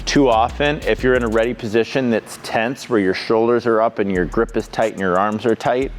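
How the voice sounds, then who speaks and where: Low-voiced man coaching methodically. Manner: clear, methodical teaching with numbered steps. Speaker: pickleball coach. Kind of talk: instructional video.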